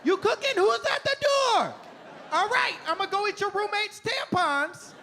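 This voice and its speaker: A man's voice: expressive, measured pace, a faint crowd, slight background noise, full character voice. A man voicing a simple-minded, overexcited pet dog that yelps and repeats itself in a stand-up bit. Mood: excited. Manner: yelping, repetitive, high-pitched shouting. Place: comedy club stage. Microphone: handheld stage mic.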